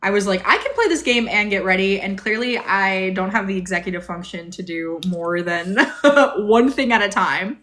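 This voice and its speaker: A woman's voice: mid-range voice, moderate pace, few pauses, fairly bright tone. A young woman hosting a casual livestream from a motel room, chatting in a bubbly way and answering viewer comments, recorded on a phone on a tripod. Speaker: livestream host.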